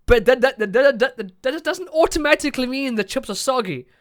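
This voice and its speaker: Young south african guy hosting a podcast, kinda high voice, jokey and rambly. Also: animated. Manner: jokey, rambling, quick to laugh. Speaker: podcast host. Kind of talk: casual interview chat.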